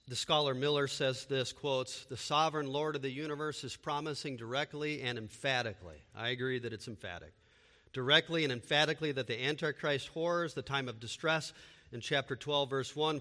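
A man's voice: medium pitch, fairly quick, sharp tone, in a large hall. A man preaching a sermon with emphatic delivery and repeated rhetorical questions. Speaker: pastor.

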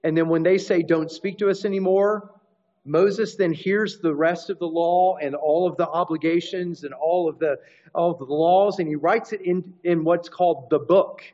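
A man's voice: fairly high pitch, fairly even intonation, moderate pace, mellow. A man preaching a teaching sermon, explaining scripture and restarting phrases as he goes. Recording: dull lo-fi recording.

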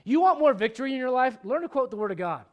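High-voiced pastor guy, middle-aged, chatty midweek bible study sermon, cracks jokes. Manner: animated preaching, bursts of high-pitched emphasis, quick asides; joking and conversational with the congregation.

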